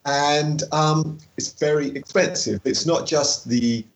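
A man with a fairly high speaking voice chats on a podcast. He is animated and laughs easily. When he reads aloud he slows into a careful, measured delivery. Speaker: podcast co-host and travel author. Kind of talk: casual podcast chat.

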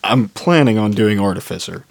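A man's voice: lowish voice, expressive, normal speed, vocal fry, slight background noise. A man co-hosting a podcast, earnestly rambling through game rules in casual chat. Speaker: podcast co-host. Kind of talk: casual group chat about a tabletop game.

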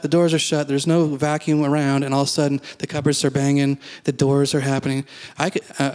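A man's voice: a little high, smooth. A middle-aged man giving a conversational sermon as a pastor, teaching in a folksy way with many asides.

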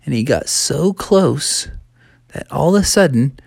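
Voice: medium pitch, a little slow, creaky, husky, no echo. Chill kids podcast storyteller, rambly, lots of ums, dry close sound. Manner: relaxed, rambling, fillers. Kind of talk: storytelling for children.

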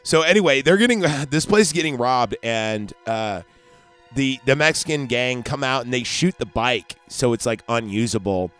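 A man's voice: medium pitch, animated, normal speed, a bit bright, clean tone, soft background music. A man casually recapping a movie plot on a podcast, rambling and acting out bits of dialogue. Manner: rambling, acts out scenes in voices. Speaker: podcast host.

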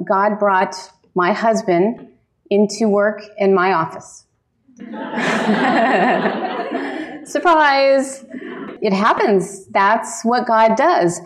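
A woman keynote speaker telling her personal faith story as lively storytelling, laughing often and giving earnest encouragement from a conference stage. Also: a little high. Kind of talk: personal testimony talk.

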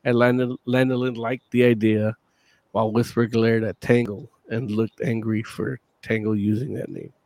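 A man's voice: mid-range voice, flat delivery, moderate pace, darkish tone, no room sound. A man co-hosting a casual comic book chat, reading plot summaries aloud with light jokes. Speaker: co-host.

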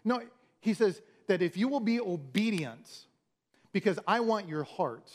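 A man's voice: sits high, animated, measured pace. A man preaching a sermon in a conversational, storytelling way, often restarting his words and acting out the lines of others. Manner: conversational, storytelling with acted-out quotes. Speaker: pastor.

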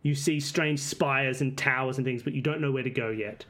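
Male game master with a rambling, halting narration style. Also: mid-range voice, steady tone, a bit bright.

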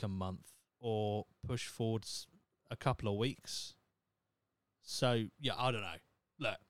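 A man's voice: mid-range voice, clean tone, no echo. A young man hosting a solo podcast, talking in a blunt, sweary, opinionated way. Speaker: podcast host. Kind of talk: casual solo podcast rant.

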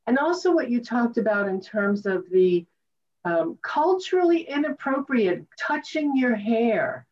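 Slow-speaking woman host, distant lo-fi sound. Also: a little high, big pitch swings, a little mellow, a little hiss or hum. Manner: slow, emotional, appreciative. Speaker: talk show host. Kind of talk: interview conversation.

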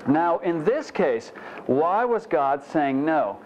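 A man's voice: a little high, very animated, slow, a little mellow, a little hiss or hum. A man preaching a conversational Bible teaching sermon, folksy and self-deprecating, with frequent "you know" asides. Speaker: pastor. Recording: muffled lo-fi sermon recording.

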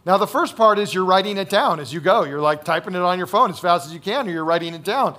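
A man's voice: high voice, animated, fast talker, pushed and bright. A man preaching a sermon as pastor, in a conversational way, repeating key phrases and checking in with the listeners. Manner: conversational, checks in with "right?" and "okay?".

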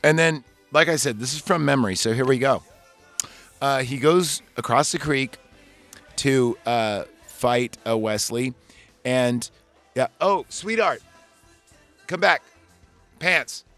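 A man's voice: mid-range voice, measured pace, faint music behind. A man hosting a podcast, chatting casually and swearing a lot as he retells a movie in a loose, rambling way. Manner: rambling, profane, animated retelling. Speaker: podcast host reviewing a movie. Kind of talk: casual chat.

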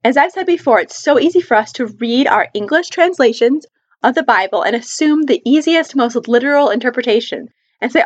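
A woman's voice: a little high, lively intonation, moderate pace, dull audio. A woman talking to her viewers in a casual vlog, earnest and emphatic, repeating her points for stress. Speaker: Christian book reviewer. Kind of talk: casual personal vlog talk.

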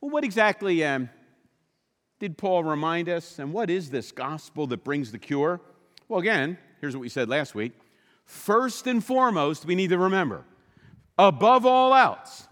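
A man's voice: a little high, very animated, normal speed, a bit bright, in a large hall. A male pastor preaching a sermon in an emphatic, conversational way, asking the congregation questions in a church sanctuary.

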